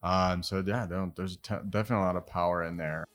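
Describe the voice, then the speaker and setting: A man's voice: sits low, steady tone, fast, fairly bright tone. A man hosting a podcast, talking in a reflective, hesitant way with many fillers. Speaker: podcast host. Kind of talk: casual podcast conversation.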